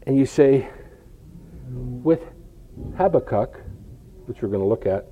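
A man's voice: mid-range voice, lively intonation, slow, slight background noise. A man preaching a sermon in a conversational, storytelling way, often checking in with "right?". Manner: conversational, illustrative storytelling with rhetorical questions. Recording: dull lo-fi recording.

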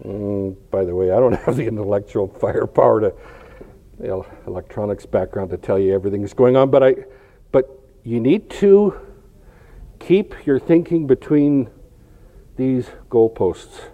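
Delivering a sermon like a conversation, this man tells illustrative stories, poses rhetorical questions, and keeps asking "right?". His voice is fairly low and warm, his pace moderate, and the lo-fi recording sounds dull.

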